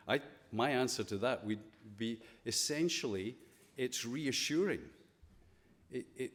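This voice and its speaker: A man's voice: mid-range voice, big-room sound. A Scottish man giving a playful, conversational chapel talk to students, full of rhetorical questions. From Scotland. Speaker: school chapel speaker. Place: school chapel.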